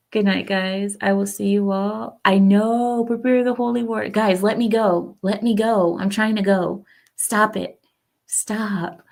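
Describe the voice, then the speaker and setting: Gravelly-voiced woman hosting a casual stream. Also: mid-range voice, fairly even intonation, slow. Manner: chatty, rambling, opinionated, talks back to chat. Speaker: livestream host. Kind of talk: casual political chat with viewers.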